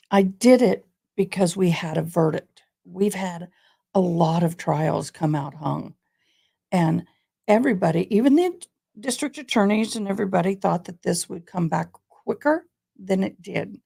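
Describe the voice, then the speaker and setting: A woman's voice: on the low side, measured pace, vocal fry, warm tone, husky. A woman vlogger talking casually to her viewers about a trial, in a rambling, conversational way. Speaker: true crime vlogger.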